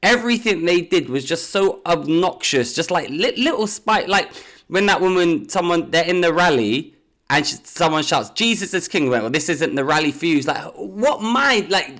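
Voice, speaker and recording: A man co-hosting a podcast, talking in an animated, rambling way with many restarts. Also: fairly high pitch, normal speed. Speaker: podcast co-host. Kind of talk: casual chat.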